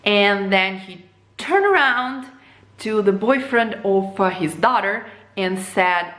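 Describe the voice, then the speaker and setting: Animated woman. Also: slow pace. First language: Russian. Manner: animated, with frequent jumps in pitch and many "you know" and "like" fillers. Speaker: vlogger. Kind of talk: casual opinion monologue. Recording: echoey room.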